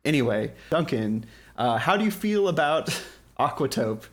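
A man co-hosting a podcast, chatting casually in a quick, opinionated way, full of "like" fillers. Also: mid-range voice, very animated. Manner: fast, opinionated, filler-heavy. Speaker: podcast co-host. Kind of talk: casual review chat.

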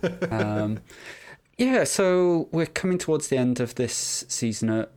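A man's voice: medium pitch, animated, unhurried, darkish tone. A man co-hosting a podcast, chatting casually and musing aloud with frequent hesitant restarts. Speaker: podcast co-host. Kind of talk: casual review chat.

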